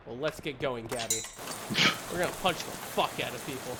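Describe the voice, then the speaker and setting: A man's voice: medium pitch, a little fast, sharp tone, slight background noise. A man streaming a video game, reading its text aloud with jokey asides. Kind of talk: casual game commentary.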